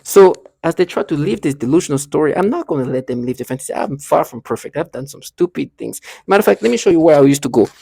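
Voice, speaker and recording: A man talking to camera in a rambling, halting monologue, restarting and repeating himself often. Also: a little high, animated, gravelly, mellow, breathy edge, dry recording, studio quality. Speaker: vlogger.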